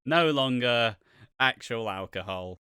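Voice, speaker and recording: A man's voice: medium pitch, lively intonation, slow, pushed and bright, clean tone, no echo, clean studio sound. A man co-hosting a podcast in casual chat, candid and offhand with frequent swearing. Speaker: podcast co-host.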